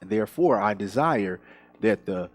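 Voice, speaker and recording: A man with a fairly low voice reading scripture aloud during a sermon. He reads in a steady, measured way, pausing as the pastor breaks in. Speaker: scripture reader.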